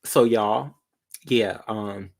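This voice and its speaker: Sassy, dramatic man ranting to viewers. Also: lowish voice. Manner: sassy and dramatic, drawn-out emphasis. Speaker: vlogger. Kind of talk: casual commentary to viewers.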